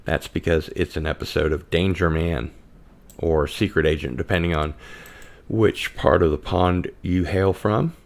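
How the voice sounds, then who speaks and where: A man's voice: deep voice, a little slow, creaky. A man hosting a casual podcast chat, hesitant with many ums, reading out viewer comments. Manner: relaxed, reads out viewer comments. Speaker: podcast host.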